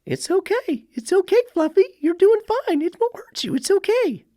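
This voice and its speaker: High cooing baby talk playing a doting owner soothing a pet. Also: male voice, big pitch swings, normal speed, dark tone. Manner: sugary, high, soothing coo.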